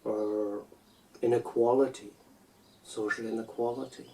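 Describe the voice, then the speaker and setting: Male, German accent, unscripted musing, halting delivery, dark tone, slightly distant from the mic. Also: medium pitch, steady tone. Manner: hesitant, halting with repeated words. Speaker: video essayist. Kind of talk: unscripted personal reflection.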